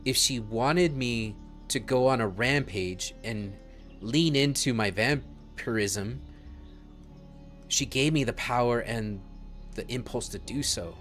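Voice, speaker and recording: A man voicing an ashamed, tearful young male vampire in a gruff, put-on Southern accent. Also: medium pitch, slow pace, fairly bright tone, soft background music. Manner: choked, apologetic.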